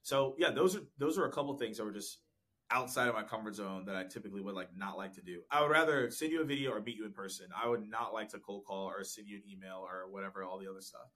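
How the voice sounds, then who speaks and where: Male podcast guest, quick delivery, bright tone, animated and laugh-prone. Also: on the low side. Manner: laughs often, animated and talkative. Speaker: podcast guest, sales professional. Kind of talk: casual interview chat. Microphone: desk mic with content gear.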